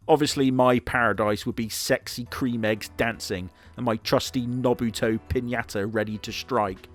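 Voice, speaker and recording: A man hosting a comedic rant, sarcastic and profane, with a mock-exasperated delivery. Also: mid-range voice. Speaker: host.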